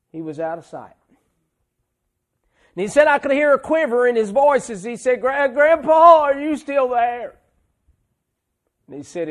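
A man preaching a sermon, telling folksy stories and swelling into emphatic lines. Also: sits high. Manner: slow, folksy storytelling with rising emphatic swells.

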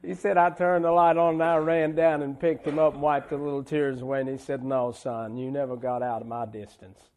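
A man's voice: medium pitch, flat delivery, a little mellow. A man preaching a sermon, telling folksy stories and swelling into emphatic lines. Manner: slow, folksy storytelling with rising emphatic swells.

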